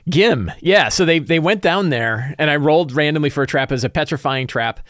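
A man's voice: on the high side, fairly quick, fairly bright tone, no room sound, studio quality. A man recapping his tabletop campaign as game master in a rambling, casual way. He fills his talk with "like" and "right?" and chuckles as he tells it. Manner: chuckles while telling.

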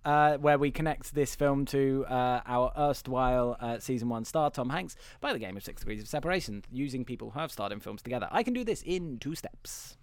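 A man's voice: medium pitch, brisk, few pauses, clear, resonant tone, no echo. Hesitant man, dry close mic. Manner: hesitant, many ums and restarts. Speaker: podcast co-host. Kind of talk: casual film podcast chat.

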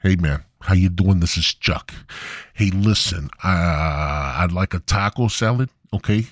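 A man's voice: sits low, a little slow, dry recording, clean studio sound. A man playing a brash, crude customer placing a phone order.

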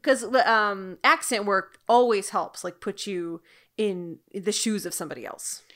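A woman's voice: mid-range voice, unhurried, fairly bright tone. Thoughtful, hedging woman podcast co-host. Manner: thoughtful, hedging, many fillers. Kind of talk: casual TV recap chat.

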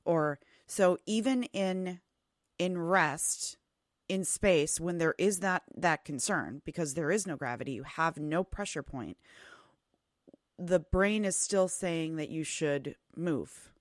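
Host role: deep-toned woman, thoughtful and halting, close dry mic sound. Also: dry recording. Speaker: podcast host. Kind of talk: conversational interview.

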